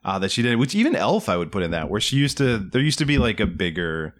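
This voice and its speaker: A man's voice: fairly low pitch, sing-song, fast. A man co-hosting a podcast in casual movie-review chat, rambling and hedging as he corrects himself mid-thought. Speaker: podcast co-host.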